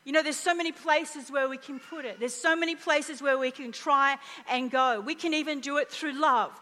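A middle-aged woman preaching a conversational sermon, animated and humorous, sometimes dropping to a hushed voice for emphasis. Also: high voice, normal speed, in a large hall.

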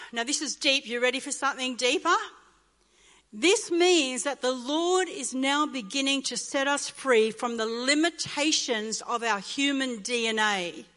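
High-voiced woman preaching in a reverberant hall. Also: a bit bright. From Australia. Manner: impassioned, repetitive preaching with rising emotional bursts. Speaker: pastor. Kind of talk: sermon. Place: church hall.

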